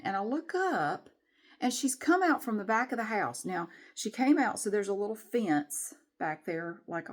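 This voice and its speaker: A woman vlogger telling a story to camera in an animated, exasperated way. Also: mid-range voice.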